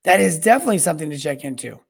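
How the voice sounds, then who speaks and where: Energetic rambling man hosting a podcast. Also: a little high, racing, creaky, slightly rough. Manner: energetic, rambling, repeats words and restarts often. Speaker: podcast host. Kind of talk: solo podcast talk on plumbing sales and service.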